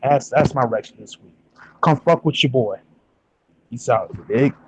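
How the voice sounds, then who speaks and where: A man's voice: medium pitch, a little slow, background noise. A man co-hosting a casual podcast, giving laid-back, rambling recommendations full of fillers. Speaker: podcast co-host.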